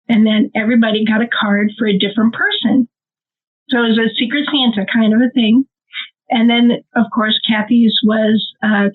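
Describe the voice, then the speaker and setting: Laughing as she goes, a middle-aged woman from the American Midwest, a guest who co-founded a nonprofit, gives an animated, emotional account. She speaks at a moderate pace with a fairly high voice, heard over a tinny, phone-like call.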